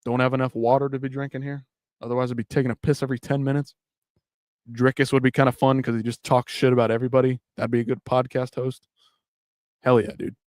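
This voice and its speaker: A man's voice: medium pitch, flat delivery, fast talker, darkish tone, dry recording, studio quality. A man hosting a live stream late at night, talking casually and profanely in a loose, rambling way with many restarts. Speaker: livestream host.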